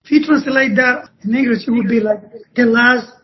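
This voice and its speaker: A Spanish-speaking man from Cuba with a Cuban Spanish accent, a podcast guest telling stories in a halting way that often restarts phrases. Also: extremely high pitch. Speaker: podcast guest, former ballet dancer. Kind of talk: conversational interview storytelling. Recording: dull lo-fi podcast audio.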